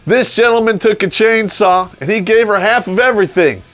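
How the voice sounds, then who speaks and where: A man's voice: sits high, fairly quick, fairly bright tone, soft background music. A man hosting a video, delivering a crude, sarcastic comedic rant with laughing asides. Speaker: vlog host. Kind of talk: ranting comedic monologue.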